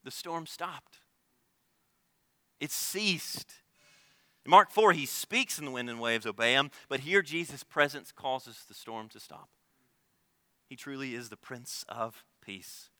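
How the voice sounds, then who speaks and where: A man preaching a sermon as pastor, earnest, swinging between loud emphasis and hushed, quiet lines. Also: medium pitch, lively intonation, moderate pace, no room sound.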